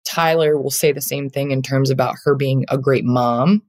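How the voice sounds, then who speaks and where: In a heartfelt conversational interview, a woman basketball player answers earnestly and reflectively, filling her speech with fillers. Her voice rumbles low and a little mellow, with fairly even intonation at normal speed.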